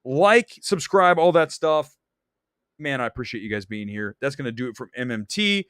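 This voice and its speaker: Male show host, animated movie-talk rant, dry close sound. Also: mid-range voice, moderate pace, clear, resonant tone, no room sound. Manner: animated, enthusiastic ranting with swearing. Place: Los Angeles area.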